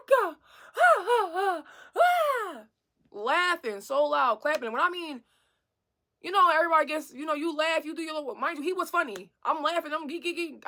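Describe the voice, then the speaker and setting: A young woman telling a casual storytime, animated and swearing freely, laughing as she goes. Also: high voice.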